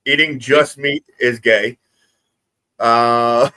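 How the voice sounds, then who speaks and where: A man's voice: mid-range voice, brisk, a bit bright. Laid-back, joking male co-host. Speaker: regular co-host. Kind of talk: casual chat.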